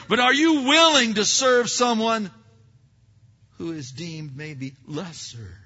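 A man preaching a sermon, swinging between loud emphatic lines and hushed asides. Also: very high-pitched, slightly rough. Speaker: pastor. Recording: dull echoey hall recording.

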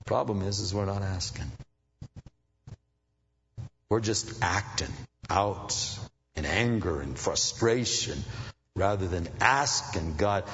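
Pastor, male, gravelly voice, animated sermon delivery, dull recording with long church reverb. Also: slow, long pauses, a little hiss or hum. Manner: animated preaching, swinging from low murmurs to loud high bursts.

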